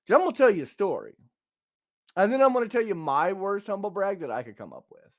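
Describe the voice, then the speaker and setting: A middle-aged man hosting a casual podcast, telling a story in a rambling, animated way with many restarts. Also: sits high, quick pace, no echo, studio quality. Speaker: podcast host. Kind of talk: casual chat.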